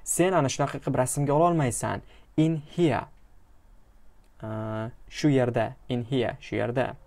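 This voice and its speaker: A man from Uzbekistan leads an English lesson, reading a story phrase by phrase and translating as he goes. His voice sits at an ordinary middle pitch. He repeats each phrase slowly and pauses often as he explains it. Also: darkish tone. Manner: hesitant, frequent pauses. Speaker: English teacher.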